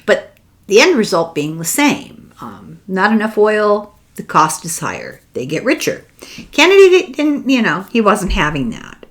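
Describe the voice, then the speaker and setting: A woman's voice: mid-range voice, measured pace. An older woman with an Irish accent, hosting a podcast and retelling a book in a casual, wry, conspiratorial way. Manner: animated, wry, conspiratorial storytelling. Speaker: podcast host discussing a book. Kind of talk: casual chat.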